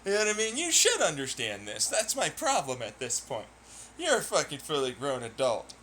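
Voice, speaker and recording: A man's voice: fairly high pitch, wildly swooping pitch, normal speed, a bit bright, slight background noise. A young man streaming alone, rambling while he plays, swearing, laughing and ranting in irritation. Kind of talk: rambling solo talk while playing.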